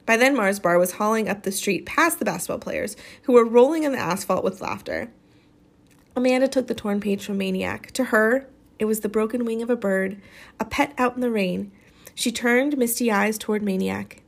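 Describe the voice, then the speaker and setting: Woman audiobook narrator, expressive, animated delivery. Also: fairly high pitch, moderate pace, gravelly. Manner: expressive, dramatic storytelling. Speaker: audiobook reader. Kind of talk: reading a novel aloud.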